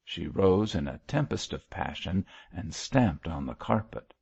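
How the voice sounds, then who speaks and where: Gravelly, slow male audiobook narrator. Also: sits low, expressive, muffled recording. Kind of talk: scripted narration.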